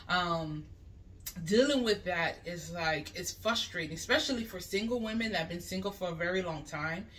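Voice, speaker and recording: A woman talks through relationship advice in a loose, chatty way, often checking in with her listener. Her voice sits at an ordinary middle pitch. The mic is some distance from her, so she sounds a little removed. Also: a bit bright. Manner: chatty, leans on "you know what I mean". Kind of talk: casual advice talk to camera. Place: bathroom. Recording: voice a bit far from the mic.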